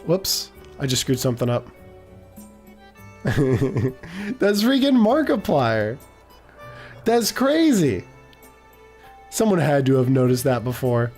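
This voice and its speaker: Rambling male streamer, lively pitch. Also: soft background music. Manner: rambling, distracted, quick to trail off. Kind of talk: casual gameplay chat.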